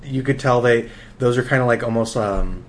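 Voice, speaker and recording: A man hosting a casual podcast chat, talking haltingly with many fillers and restarts. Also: mid-range voice, slight background noise. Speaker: podcast host.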